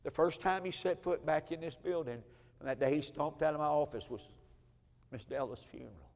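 A man's voice: a little high, fairly quick, gravelly, a little mellow, big-room sound. A man, a pastor telling a personal story in a sermon with heartfelt, emotional repetition. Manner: heartfelt, emotional telling with many repeated phrases. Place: church sanctuary.

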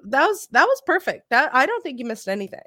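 A woman's voice: high-pitched, big pitch swings, fast, pushed and bright. A woman co-hosting a podcast, chatting and reacting in a friendly, laughing way. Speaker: podcast co-host. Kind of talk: casual chat.

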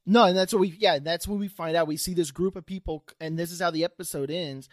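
A man hosting a podcast, recapping an episode in rambling, halting casual chat. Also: on the high side, no echo. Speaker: podcast host.

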